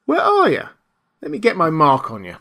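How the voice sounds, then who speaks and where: A man voicing a coarse, excitable male tramp who yelps his rustic exclamations in a high, strained voice. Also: moderate pace, exaggerated voice. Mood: bewildered.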